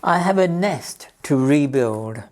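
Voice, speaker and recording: A woman's voice: sits low, lively intonation, slow pace, darkish tone. A woman voicing a bossy, easily annoyed female duck in a children's storybook reading, snapping and sighing at others. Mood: brisk.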